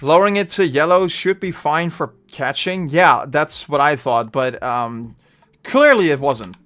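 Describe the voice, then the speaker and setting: A man with a Dutch accent chatting through a live game stream, rambling and getting loudly frustrated at times. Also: fairly high pitch, expressive, a little slow. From Netherlands. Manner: chatty, bursts of frustration, trailing off.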